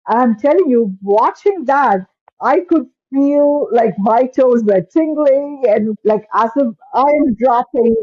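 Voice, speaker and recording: A woman's voice: sits high, expressive, slow pace, husky, dry recording, dull audio. A woman hosting an interview podcast, chatty and telling stories with fillers. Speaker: podcast host, cardiologist.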